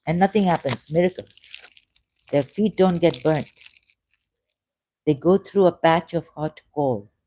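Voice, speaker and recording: A woman from Pakistan giving a digressive personal monologue, dropping to soft asides and rising to emphatic outbursts while repeating phrases. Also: sits low, unhurried, long pauses, no room sound. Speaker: ex-Muslim speaker sharing his views.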